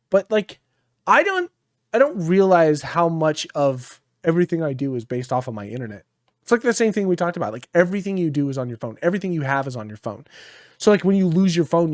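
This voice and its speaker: A man's voice: on the high side, no room sound, studio quality. A tired man co-hosting a podcast in casual chat, rambling and swearing freely. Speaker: podcast co-host.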